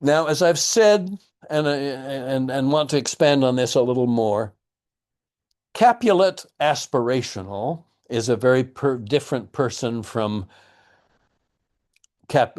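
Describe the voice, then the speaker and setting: An acting teacher with a medium-pitched, darkish voice lectures on a play, including readings. His explanations come across as thoughtful and wry.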